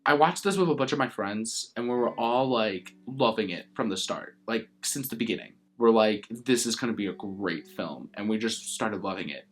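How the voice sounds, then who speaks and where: A man's voice: on the low side, lively intonation, normal speed, hardly any pauses, slight background noise. A young man being interviewed about a favorite film, talking in a rambling, enthusiastic way with lots of "like" fillers.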